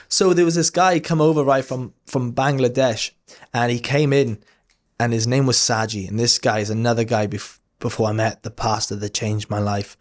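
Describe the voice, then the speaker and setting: A man in his thirties, speaking at a medium pitch with a steady tone and moderate pace, tells a personal story as a guest on a podcast. He's casual and earnest but rambles, restarting often and swearing now and then.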